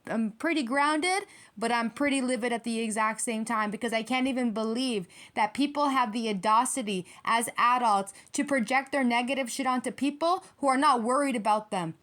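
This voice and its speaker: A woman giving a tarot reading to her viewers, ranting in a heated, profane and repetitive way. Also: on the high side. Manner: addresses viewers directly. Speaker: tarot reader.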